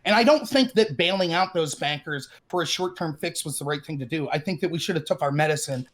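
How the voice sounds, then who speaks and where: A man's voice: a little high, fast talker, fairly bright tone. A man in his thirties calling in over a voice call with a cutting-out mic, hedging and apologetic as he argues. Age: 30s. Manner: hesitant, apologetic, hedging with "I feel". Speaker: caller. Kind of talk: casual political debate. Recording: call audio, mic gating.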